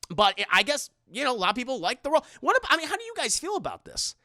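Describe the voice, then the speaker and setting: A man's voice: very high voice, wildly swooping pitch, very fast, pushed and bright, no room sound, clean studio sound. A man live-streaming, rambling through casual commentary and reading out his chat, often stumbling and repeating words.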